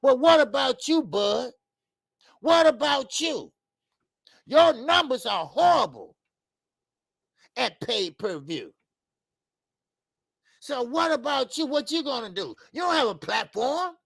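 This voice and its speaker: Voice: sits high, very animated, slow pace, creaky, pauses often, a bit bright, dry recording. A boxing show host ranting in a heated talk-show style, fired up, repeating points and talking straight to viewers.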